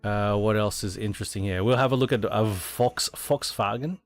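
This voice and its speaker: A man's voice: on the low side, moderate pace, faint music behind. An Australian man streaming a racing sim, chatting casually to viewers, thinking aloud and swearing freely. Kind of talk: casual gameplay chat.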